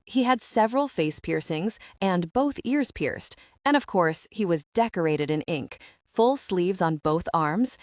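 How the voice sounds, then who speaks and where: A woman narrating a romance audiobook in a steady, even reading voice. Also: lowish voice, a little slow, few pauses, dry recording, clean studio sound. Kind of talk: scripted narration.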